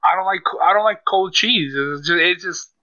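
A man's voice: high voice, moderate pace, pushed and bright, dry recording, dull audio. A man in casual podcast chat, joking and cursing emphatically.

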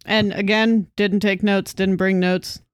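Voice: medium pitch, flat delivery, clear, resonant tone, no room sound. Upbeat podcast cohost in a dry room. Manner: upbeat, quick to agree, playful. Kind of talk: casual chat.

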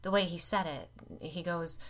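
A grim, shaken man, bitter and blunt, recounting something strange as a woman reads him aloud. His voice sits low and plain. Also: normal speed, a bit bright, natural voice. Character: shaken bitter middle-aged man, homeowner.

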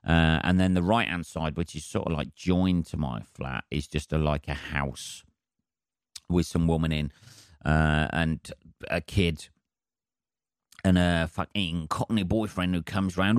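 A man's voice: low-pitched, steady tone, a little slow, clear, resonant tone, no echo, studio quality. A man hosting a comedy podcast, rambling wryly and swearing freely through his own stories.

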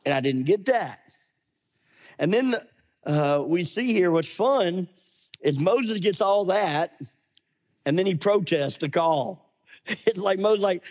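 A middle-aged male pastor preaching a sermon, animated and acting out voices in his stories. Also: high voice, slow, pauses often. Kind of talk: sermon with scripture reading.

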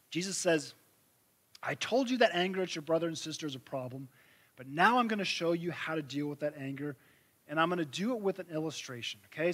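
A male pastor with a high, bright voice delivers a sermon. He talks in a conversational way, builds vivid scenes for his listeners, and checks in with questions like "right?" and "okay?". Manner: conversational preaching with vivid illustrations and rhetorical questions.

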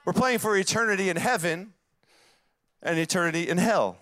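A man's voice: sits high, normal speed, pauses often, fairly bright tone, clean tone, dry recording. A man in his forties with a Southern accent, preaching a sermon with emphatic, repeated phrases that build up. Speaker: pastor.

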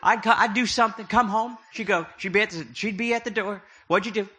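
A man's voice: high voice, fast, sharp tone, breathy edge. A middle-aged man preaching a humorous sermon, telling stories with jokey, self-deprecating asides. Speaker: prophetic speaker.

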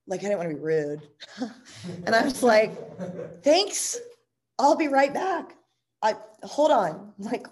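A woman with a medium-pitched voice tells a personal story candidly, being blunt, profane and animated. Her speech is full of "like" and "you know," and she laughs readily.

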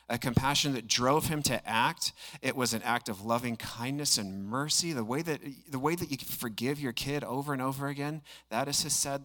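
Bright-voiced young pastor preaching. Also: male voice. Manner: conversational, with sudden rises in volume and pitch for emphasis. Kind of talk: sermon.

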